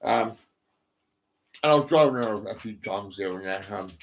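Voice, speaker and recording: A man's voice: fairly low pitch, normal speed, creaky. A middle-aged man chatting at home into a phone, rambling with lots of swearing, ums and restarts. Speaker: vlogger. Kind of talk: casual rambling chat. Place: indoors at home, on a settee.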